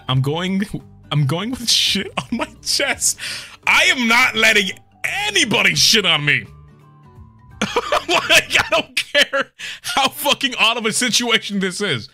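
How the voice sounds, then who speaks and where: A man streaming a game and commenting casually, excitable and profane, laughing often. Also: high voice, measured pace. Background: game music.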